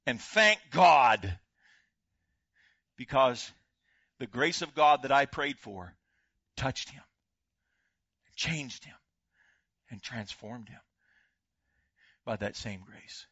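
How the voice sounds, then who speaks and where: Older male pastor, impassioned sermon, bright tense voice, dry dull sound. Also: medium pitch, slow pace, long pauses, husky, no room sound. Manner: impassioned, swings from loud exclamations to hushed prayer.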